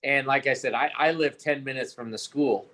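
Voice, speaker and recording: A man's voice: mid-range voice, steady tone, moderate pace, fairly bright tone. A man who works as a teacher, chatting easily on a video call in a self-deprecating way. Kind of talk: casual video-call chat.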